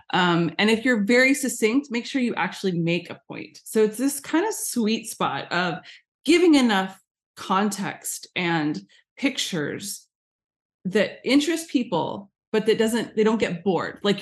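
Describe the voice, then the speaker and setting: Brief: American woman guest, talkative and emphatic, lots of "like", mid-pitched voice, remote call sound. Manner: chatty, frequent "like" fillers, emphatic asides. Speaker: guest, branding agency founder. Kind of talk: casual interview chat.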